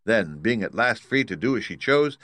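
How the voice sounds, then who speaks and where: A man narrating a children's storybook in a steady, even reading. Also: fairly low pitch, normal speed, no echo.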